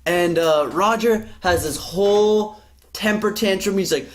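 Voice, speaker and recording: A man's voice: sits high, unhurried. A man hosting a podcast, swearing freely as he tells a workplace story in casual chat. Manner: profane, animated storytelling. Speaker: podcast host.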